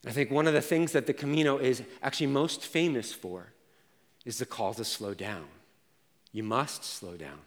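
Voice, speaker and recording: A man preaching a sermon as pastor, telling personal stories and moving from quiet reflection to intense emphasis. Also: mid-range voice, moderate pace, long reverb tail.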